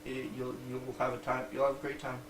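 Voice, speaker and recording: A man's voice: medium pitch, completely flat delivery, quick pace. A man co-hosting a podcast, chatting casually about board games with lots of fillers and restarts and the odd swear word. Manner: rambling, many fillers and restarts, swears freely. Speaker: podcast co-host. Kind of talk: casual board game review chat. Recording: roomy distant mic with faint background noise.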